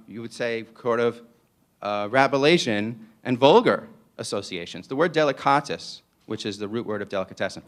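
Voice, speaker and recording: A New Yorker with a matching accent delivers a public lecture, playful and prone to digressions. He speaks at a medium pitch and keeps asking "right?"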